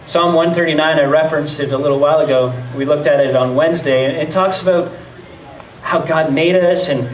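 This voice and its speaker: In a church hall, a man with a fairly high, steady voice preaches briskly as a pastor, keeping it conversational and often acting out the voices of doubters. The distant mic picks up a roomy echo and a faint hiss or hum.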